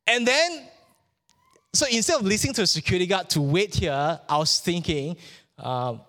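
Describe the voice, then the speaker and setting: Preacher from Malaysia in a reverberant hall. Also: male voice, high voice, lively intonation, pushed and bright. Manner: halting and repetitive, rising with fervor. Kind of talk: sermon with a personal story.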